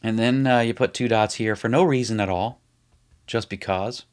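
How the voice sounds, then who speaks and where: A man's voice: fairly low pitch, normal speed, smooth. A middle-aged man teaching an online Bible study in a chatty way, explaining things as he writes them out on the screen. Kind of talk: casual online Bible lesson.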